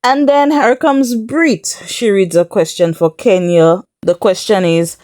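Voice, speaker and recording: A woman's voice: mid-range voice, a little slow, a little mellow, no room sound, studio quality. A woman giving a casual recap of a reality show, chatty and incredulous, laughing often as she tells it. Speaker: recap vlogger.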